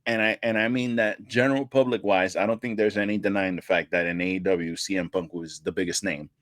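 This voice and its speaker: A man co-hosting a wrestling podcast in casual chat, animated and profane, acting out quotes with his voice jumping up. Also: fairly quick. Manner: animated, profane, acts out quotes with rising pitch. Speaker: podcast co-host.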